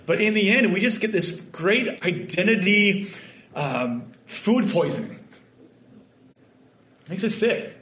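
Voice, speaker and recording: High-voiced Canadian pastor preaching. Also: male voice. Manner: storytelling, earnest, sometimes dropping to a soft hush. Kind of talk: sermon. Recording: echoey room.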